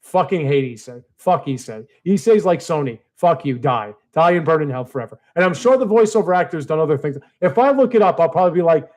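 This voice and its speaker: A man ranting casually to his audience, profane and exasperated, swinging between low mutters and heated outbursts. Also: expressive, fairly quick, few pauses, darkish tone. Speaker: video creator. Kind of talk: casual rant to camera.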